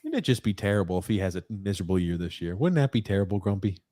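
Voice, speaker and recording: A man's voice: low voice, big pitch swings, rapid-fire, dark tone, no echo, clean studio sound. A man hosting a sports podcast, chatting casually and reading out listener comments. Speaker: podcast host.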